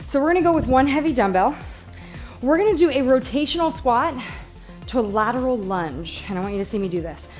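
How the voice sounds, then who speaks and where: A woman's voice: fairly high pitch, lively intonation, fairly quick, a little mellow, faint music behind. A woman leading a workout as fitness instructor, upbeat and encouraging, counting reps and getting out of breath. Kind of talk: live workout coaching.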